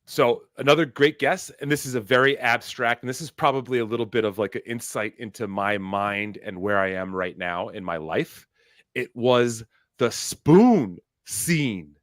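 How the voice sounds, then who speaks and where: A man's voice: mid-range voice, normal speed, dry recording, studio quality. A man hosting a casual chat, rambling and swearing freely, with lots of fillers and restarts. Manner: rambling, profane, emotional, many fillers. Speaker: host.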